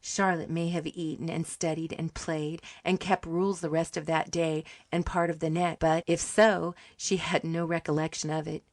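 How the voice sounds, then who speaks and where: A woman narrating a short story audiobook in a calm, measured way. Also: sits low.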